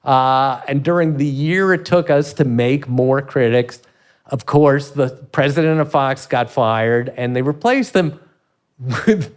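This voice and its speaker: A man in his sixties, a comedy writer telling stories in an interview, animated and laughing often as he acts out quotes. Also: medium pitch, measured pace, clear, resonant tone. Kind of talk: storytelling in a podcast interview.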